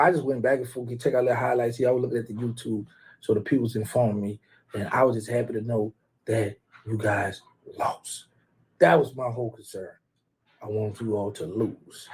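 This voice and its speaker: On his casual live stream, a man trash-talks rival fans, rambles, and gives shout-outs to viewers by name. He speaks at a moderate pace with a steady, medium-pitched, slightly rough tone.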